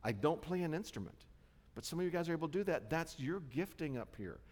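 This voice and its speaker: A man's voice: fairly high pitch, big pitch swings, fast talker, darkish tone. A male pastor preaching a sermon in a conversational, self-deprecating way, often checking in with the congregation. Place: church sanctuary. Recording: long church hall reverb.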